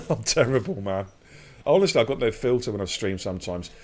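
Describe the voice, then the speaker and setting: Rowdy, banter-heavy race caster. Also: male voice, fairly low pitch, brisk. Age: middle-aged. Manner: loud excitable hype with cheeky banter. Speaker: sim racing commentator and stream host. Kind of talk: live esports race commentary.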